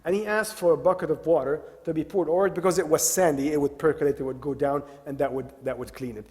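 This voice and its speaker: A man's voice: on the high side, fairly even intonation, fast, a little mellow. Man telling stories in a reverberant hall. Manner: retells stories, repeats key phrases, mixes in Arabic devotional expressions. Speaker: religious lecturer. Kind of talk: religious talk with storytelling. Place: Islamic center hall.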